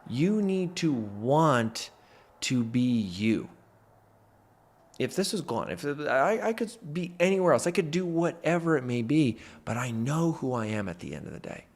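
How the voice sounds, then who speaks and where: A man's voice: on the high side, sing-song, fairly quick, hardly any pauses. A man in a motivational talk to camera, a mentor who speaks emphatically and stresses his points with "freaking".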